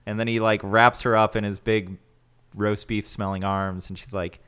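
A man's voice: fairly low pitch, level tone, moderate pace, fairly bright tone, clean tone. A man co-hosting a casual movie podcast, adding dry, mocking asides and riffing on the plot. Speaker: podcast co-host. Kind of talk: casual movie recap chat.

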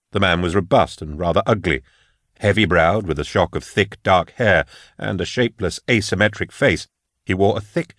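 A man reading scripted audiobook narration in a measured, even storytelling manner. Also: deep voice, no echo, studio quality.

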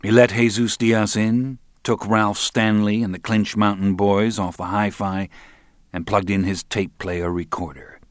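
A man reading novel narration in a steady, understated manner. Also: lowish voice, unhurried, no room sound, studio quality. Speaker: audiobook narrator. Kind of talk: scripted narration.

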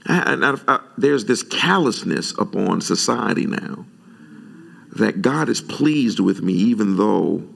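A man preaching a sermon, animated and conversational, jumping high in pitch when he retells his own words. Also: measured pace, gravelly. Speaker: pastor.

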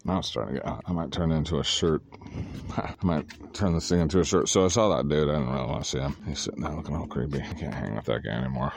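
A man's voice: rumbling low, fast, creaky, slight background noise. A man casually rambling and swearing while walking outdoors, vlogging on a phone. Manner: rambling, profane, talks to himself while walking. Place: outdoors on streets.

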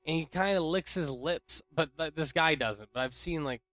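A young man casually rambling through an anecdote, restarting sentences and swinging between loud bursts and near mumbles. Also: on the high side, moderate pace, no echo. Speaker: storyteller.

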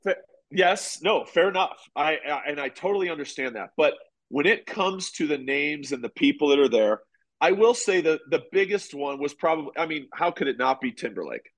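A man in his forties, a former ballplayer, telling stories in a relaxed, rambling way during an interview. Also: a little high, normal speed. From United States. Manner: relaxed, rambling, many restarts. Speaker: podcast guest, former pitcher and golfer. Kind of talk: casual interview storytelling.

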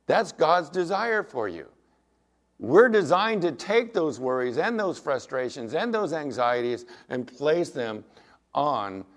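Man, middle-aged, pastor, preaching, emphatic, earnest, light voice. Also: a little high. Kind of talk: sermon.

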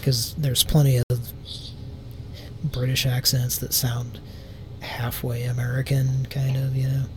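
A Southern US man chats in a rambling way on a live prank call show, full of fillers and casual swearing. His pitch stays flat and level. A steady rumble of noise sits under the recording. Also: slow. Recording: noisy background rumble.

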